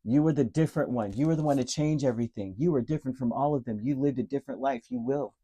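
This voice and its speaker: A man's voice: medium pitch, fast talker, dark tone, slightly rough. A man giving a tarot reading straight to the listener, earnest and emotional, repeating key words with frequent fillers and restarts. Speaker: tarot reader. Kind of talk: direct-to-camera tarot reading.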